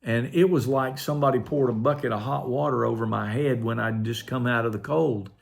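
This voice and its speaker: An older pastor tells his testimony in a gravelly voice of middle pitch. He speaks earnestly, with quiet emotion. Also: a little fast. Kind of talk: personal testimony.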